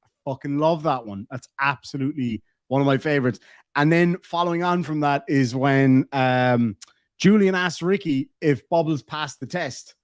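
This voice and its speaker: A man's voice: on the high side, normal speed, no room sound, clean studio sound. Profane Irish man chatting on stream. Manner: profane, laughing, quoting lines. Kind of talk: casual live-stream chat.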